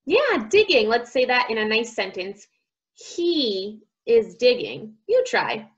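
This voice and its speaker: Slow, lively woman reading to children. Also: a little high, muffled recording. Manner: slow, drawn-out modeling of sounds, encouraging praise. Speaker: speech therapist. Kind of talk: speech therapy story reading for children.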